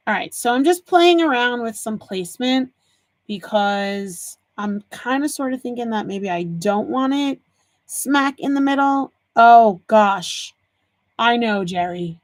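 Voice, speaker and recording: A woman's voice: on the high side, lively intonation, measured pace, no room sound. A woman in her forties hosting a live stream, chatting casually with viewers and telling stories while she works on a craft project. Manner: chatty storyteller, answers viewers' comments. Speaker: livestream host.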